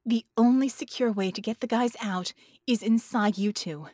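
Audiobook figure: narrator doing a hoarse, clipped woman giving orders, dry close recording. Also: a little high, warm tone, dry recording, close to an everyday voice. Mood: urgent. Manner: brisk, barking orders. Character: hoarse, commanding woman coordinator.

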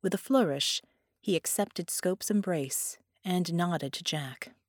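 A woman reading a science-fiction story aloud as narrator, in a steady storytelling manner. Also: fairly low pitch, slow, no echo, clean studio sound. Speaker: audiobook narrator. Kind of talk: scripted narration.

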